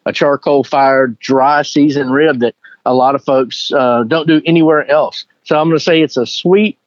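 Rambling guest on a dull, dry line. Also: male voice, medium pitch, no room sound. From Memphis. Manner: rambling, many fillers, explains. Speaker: guest business owner. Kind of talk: casual phone-in interview.

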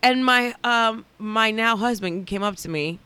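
A woman comedian spins an animated, swear-laden story as a podcast guest. Her bright, forceful voice is packed with "like"s, and she slips into other people's voices as she goes. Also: a little high, a little slow, clear, resonant tone. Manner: animated, swearing, many "like"s, acts out quotes. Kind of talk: casual podcast chat, storytelling.

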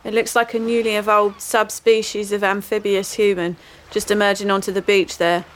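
A woman playing a deadpan police officer, then a dry midwife, in a comedy sketch. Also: mid-range voice, moderate pace, lightly acted, low-quality recording. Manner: deadpan matter-of-fact reporting. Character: deadpan female reporter-constable on patrol.

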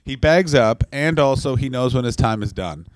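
A man co-hosting a podcast at an ordinary, mid-range pitch, delivering crude jokes in a deadpan way. His voice comes through a close, completely dry mic with no room sound. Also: normal speed, no echo. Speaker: podcast co-host. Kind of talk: crude comedic chat.

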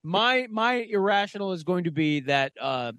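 A man's voice: sits high, expressive, moderate pace, fairly bright tone, smooth, dry recording. A man co-hosting a podcast, telling a casual, profane, rambling story full of "like" fillers. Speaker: podcast co-host.

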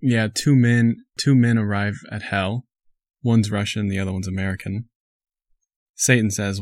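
A man co-hosting a casual chat, telling jokes in a deadpan way. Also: on the low side, normal speed, no room sound, studio quality.

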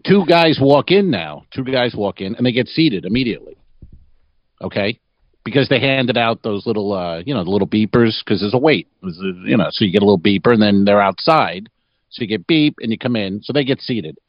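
A man's voice: fairly low pitch, lively intonation, a little fast, no room sound, lo-fi sound. A man hosting a comedy podcast, telling rambling crude stories and laughing often. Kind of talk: casual comedic storytelling.

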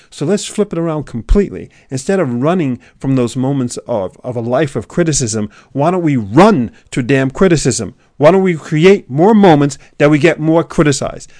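A man giving a motivational monologue, preachy, swinging from loud urging to a hushed near-whisper. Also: mid-range voice, lively intonation, moderate pace, dry recording, clean studio sound. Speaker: motivational speaker.

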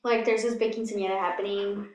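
A woman's voice: mid-range voice, level tone, fast, reverberant, a crowd in the background. A woman from Texas, co-hosting a casual show recap with lots of fillers. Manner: chatty, frequent fillers. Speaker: podcast co-host.

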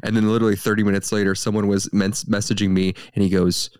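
A man's voice: lowish voice, fast talker, smooth, no room sound, studio quality. A man in his thirties co-hosting a podcast, joking and telling stories in casual chat. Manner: joking, animated storytelling. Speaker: podcast co-host.

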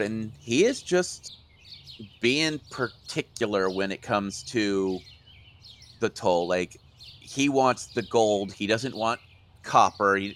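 A man narrating as game master of a tabletop role-playing game, in a relaxed, halting way. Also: lowish voice, slight background noise.

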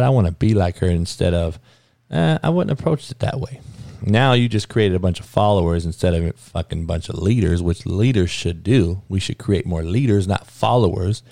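A low-voiced man with a gravelly, fry-laden tone, hosting a sports podcast. He rants bluntly and curses freely. The sound is close and dry, with no room around it. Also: no echo. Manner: profane, blunt, animated rant with frequent cursing. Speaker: podcast host. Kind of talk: casual sports commentary rant.

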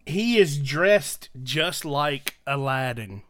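A man with a bright, sharp and fairly high voice leads a relaxed chat about a film. He points out small details and moves the talk along to the next topic. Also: slow. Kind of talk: casual movie recap chat.

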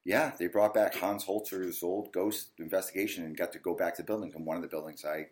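A man, a ghost hunter guest telling stories in a casual interview, animated and lively. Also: low-pitched, brisk. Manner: animated storyteller, acts out yelling at the TV.

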